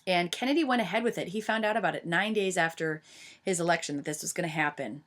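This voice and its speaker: A woman's voice: lowish voice, fast. A woman giving an informal history lecture, chatty, with many fillers and restarts. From United States.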